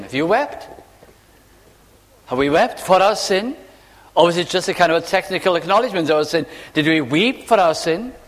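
Male preacher, slightly high voice, earnest sermon delivery that acts out quotes, church hall reverb. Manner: earnest, with dramatized quotes and drawn-out phrases.

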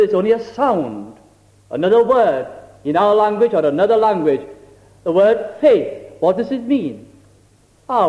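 A middle-aged man preaching a sermon slowly and deliberately, acting out little scenes to illustrate his point. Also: sits high. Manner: slow, deliberate, with acted illustrations. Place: church. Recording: dull old recording in a hall with long reverb.

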